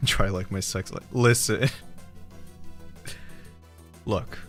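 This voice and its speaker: A man's voice: on the low side, animated, takes it slowly, long pauses, a bit bright. Giggly, joking male streamer. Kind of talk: casual chat. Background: faint background music.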